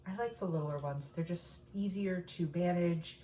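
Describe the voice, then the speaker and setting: A woman's voice: fairly low pitch, moderate pace, warm tone, reverberant, a little hiss or hum, poor audio. A middle-aged woman, chatting casually to viewers while showing a recipe in her home kitchen. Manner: chatty, talks straight to viewers. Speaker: home cooking vlogger. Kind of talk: casual cooking demonstration.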